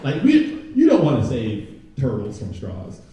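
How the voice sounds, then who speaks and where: A young man performing a stand-up comedy set, chatting with the crowd and jumping into loud mocking voices. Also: medium pitch, huge pitch swings, a little slow, dull audio, noisy background. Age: young adult. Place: comedy club stage before a live audience. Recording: very echoey room, from a distance.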